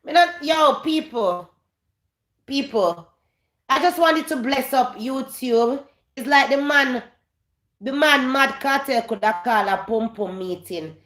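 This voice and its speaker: High, bright Jamaican woman ranting. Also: slow pace, reverberant. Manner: emphatic, repeats phrases, slips into Patois. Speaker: vlogger host. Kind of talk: gossip commentary rant.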